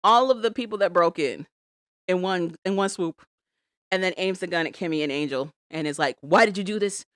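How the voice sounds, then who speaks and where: A woman's voice: on the low side, normal speed, no echo, studio quality. A woman co-hosting a podcast, recapping a TV episode in casual chat and acting out characters' lines. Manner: animated storytelling, acts out quotes. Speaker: podcast co-host.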